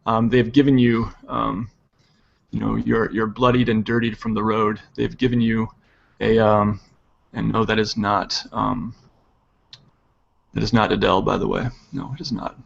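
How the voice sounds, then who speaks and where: Gravelly guy gm-ing a tabletop game, slow and halting, lots of ums, muffled call audio. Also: lowish voice, level tone. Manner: halting, with many ums and restarts. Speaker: game master.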